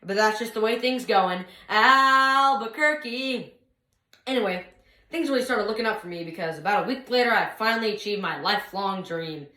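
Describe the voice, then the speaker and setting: A young woman performing a comic monologue at a speech contest, animated and swinging from loud bursts to hushed asides. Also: medium pitch, moderate pace. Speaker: speech competitor. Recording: roomy echo.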